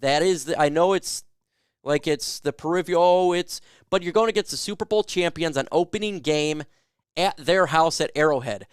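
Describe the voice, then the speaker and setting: A man's voice: fairly high pitch, moderate pace, clean tone, no room sound, clean studio sound. A man hosting a casual sports fan livestream, answering viewer questions with loose, joking, hyped banter. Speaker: sports talk livestream host.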